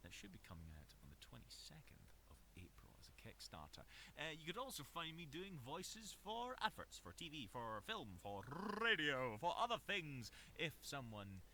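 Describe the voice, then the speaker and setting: A man's voice: fairly high pitch, normal speed, hardly any pauses, noisy background. A Scottish man, a voice actor, rambling chattily and mocking himself in a small cupboard recording booth. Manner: chatty, self-mocking, animated.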